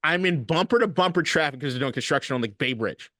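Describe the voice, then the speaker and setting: A man co-hosting a casual sports podcast, telling stories in a profane, animated way. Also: on the high side, quick pace, no room sound, clean studio sound. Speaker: podcast co-host.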